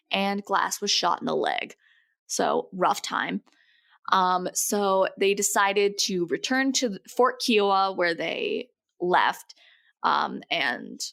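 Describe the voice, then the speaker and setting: A woman's voice: mid-range voice, vocal fry, fairly bright tone. A young woman co-hosting a podcast, telling a story in a loose, jokey way and laughing often. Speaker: podcast co-host. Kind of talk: casual storytelling chat.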